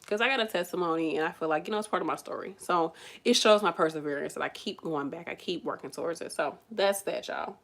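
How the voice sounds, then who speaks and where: A woman vlogging casually to her viewers as a nursing student, venting in an animated way and calling them y'all. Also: lowish voice, quick pace, few pauses. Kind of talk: casual chat to camera.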